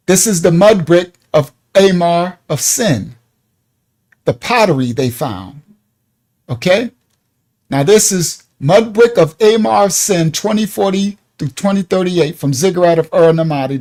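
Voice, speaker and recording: A man with a high-pitched voice gives a Bible lesson. He talks with rising excitement, gets loud and keeps asking his listeners if they follow. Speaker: Bible teacher. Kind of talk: excited teaching talk.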